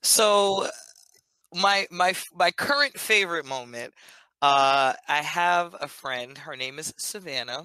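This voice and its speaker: Chatty woman guest on a podcast, super bright voice, you know-ing a lot. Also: low voice, expressive, takes it slowly, smooth, dry recording, poor audio. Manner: chatty, filler-heavy with frequent "you know" and "like". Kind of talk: casual podcast chat.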